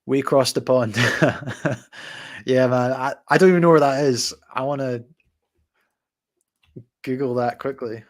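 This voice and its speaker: A man reading out and answering viewer comments on a live stream, relaxed and chatty, with lots of ums and uhs. His voice sits at an ordinary middle pitch for a man. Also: a little slow, pauses often. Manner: relaxed, chatty, reads viewer comments aloud with many fillers. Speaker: boxing channel host.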